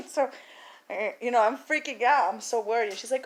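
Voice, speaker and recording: A woman telling a story in a casual vlog, animated, acting out the people in it and laughing often. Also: fairly high pitch, moderate pace. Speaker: vlogger.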